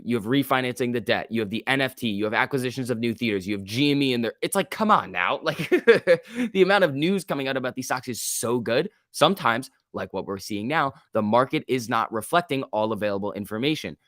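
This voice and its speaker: A young man hosting a live stock market stream, talking casually and excitably, swearing freely and reading chat aloud. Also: mid-range voice, quick pace, no room sound, studio quality. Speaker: stock market livestream host.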